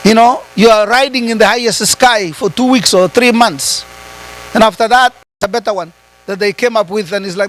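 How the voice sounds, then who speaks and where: A man giving a high-voiced motivational talk. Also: normal speed, fairly bright tone, rough recording. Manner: switches between English and Swahili, asks the audience rhetorical questions. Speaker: retreat speaker.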